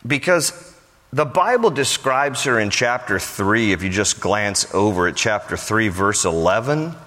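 A man's voice: lowish voice, a bit bright. A man preaching a sermon, joking conversationally and telling the story with plenty of animation. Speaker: pastor. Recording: hall reverb.

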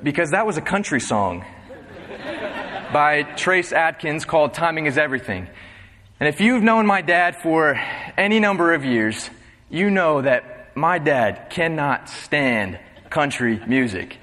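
Young male preacher, high-pitched, humorous, repeats phrases, reverberant church hall. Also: big pitch swings, a little slow, pushed and bright. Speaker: preacher leading a Bible study. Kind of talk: sermon.

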